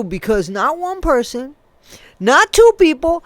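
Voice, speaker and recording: Brief: accusing online commentator, indignant rant, medium pitch, dry booth-like sound. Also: animated, a little slow, smooth, dry recording. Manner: heated, accusing, addresses the subject directly; spells out swear words letter by letter. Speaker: commentary video creator. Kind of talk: angry ranting commentary.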